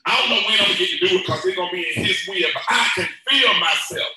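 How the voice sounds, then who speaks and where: A man preaching at a church teaching session, playful and joking, then rising to shouted exhortation. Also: high voice, quick pace, very echoey, rough recording.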